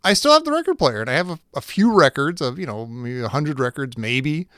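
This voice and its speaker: Lively, clear-voiced podcast co-host man. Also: mid-range voice, brisk, no room sound, studio quality. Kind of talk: casual chat.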